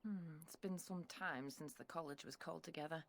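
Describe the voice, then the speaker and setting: Gruff Scottish woman botanist for a fantasy game, dry and impatient, a touch low. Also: fairly quick. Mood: grumbling. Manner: sardonic, grumbling. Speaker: game character.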